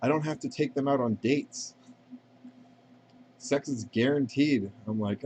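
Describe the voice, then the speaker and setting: A man's voice: medium pitch, moderate pace, pauses often, a little mellow, a little hiss or hum. A man chatting casually and rambling while playing a game on a live stream, swearing freely and answering viewer questions.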